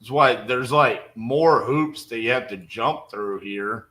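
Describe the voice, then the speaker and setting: A young real estate wholesaler talks casually on a livestream between cold calls to sellers, blunt and conversational with frequent fillers. His medium-pitched voice is slow, bright, and forceful, though the audio quality is poor.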